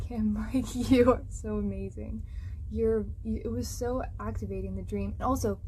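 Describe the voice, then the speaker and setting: A woman with a mid-pitched voice chats casually and rambles. She halts, searches for words and laughs often. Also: mellow, slight background noise. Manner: rambling, full of fillers, laughing. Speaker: friend sharing a dream. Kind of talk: casual emotional chat.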